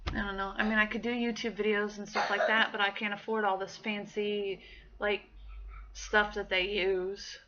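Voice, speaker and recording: Woman in her 30s rambling through a diary vlog, bright voice, kinda dull lo-fi sound. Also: mid-range voice, flat delivery, normal speed, slight background noise. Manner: chatty storytelling, acts out quoted voices. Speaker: vlogger. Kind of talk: casual personal diary vlog.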